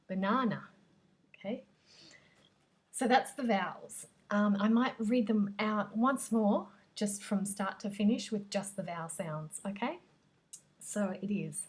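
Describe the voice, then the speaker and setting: Slow, husky Australian woman teaching vowels. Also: mid-range voice. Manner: slow, careful, drawn-out sound demonstrations. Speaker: English teacher. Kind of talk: pronunciation lesson.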